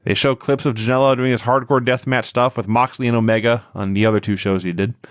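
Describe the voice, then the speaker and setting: In clean, dry studio sound, a podcast co-host chats casually and quickly about a wrestling show. His recap is wry and full of laughter, with lively swings in pitch.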